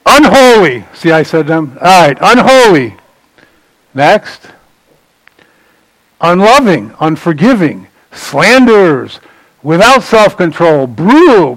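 Male pastor, sermon, chatty and digressive, slightly high voice, dry close sound. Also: no echo, poor audio. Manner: conversational and digressive, banters with the congregation; animated, swings between loud emphasis and dropped asides.

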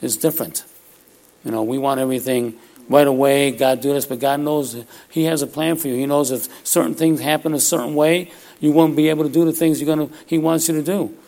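A man's voice: on the high side, fairly even intonation, fairly quick, mellow. A man preaching a conversational sermon in church, often checking in with "all right?" as he talks.

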